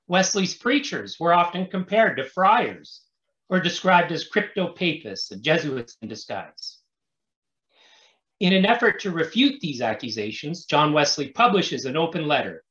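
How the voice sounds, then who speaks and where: A pastor presenting an academic paper, reading his prepared text in a measured, scholarly way. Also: fairly high pitch, a bit bright, reverberant, dull audio. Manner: measured, scholarly delivery with occasional restarts.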